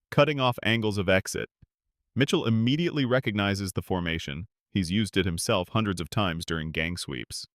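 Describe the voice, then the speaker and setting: A man's voice: on the low side, fairly bright tone, no room sound, studio quality. A man giving scripted dramatic narration in a grave, emphatic manner.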